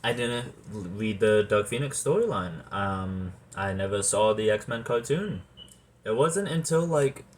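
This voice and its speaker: A man in casual rambling talk as a movie reviewer, animated, swearing often and trailing off with fillers. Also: on the low side, measured pace, slight background noise.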